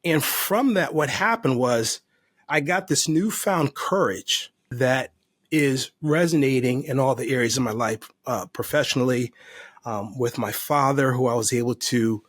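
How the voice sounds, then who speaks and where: A man's voice: mid-range voice, unhurried, no room sound, clean studio sound. A man on a podcast as a guest, telling his story of recovery in a heartfelt, faith-filled way. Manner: earnest, heartfelt and emotional. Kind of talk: personal testimony in conversation.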